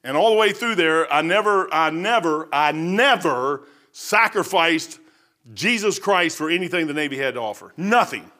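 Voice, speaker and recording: A man's voice: a little high, moderate pace. An older man preaching a folksy, storytelling sermon, acting out the people in his stories. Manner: folksy, animated, acts out other people's voices. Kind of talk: testimony-style sermon, storytelling.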